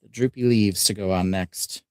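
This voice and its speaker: A man's voice: on the low side, fairly even intonation, moderate pace, a little mellow, no echo. Easygoing man chatting while he builds. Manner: easygoing, explains steps as he builds. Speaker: host. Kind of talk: casual live-stream chat while building.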